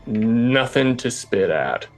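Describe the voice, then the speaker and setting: Slow, halting man narrating as game master. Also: medium pitch, very animated, soft background music.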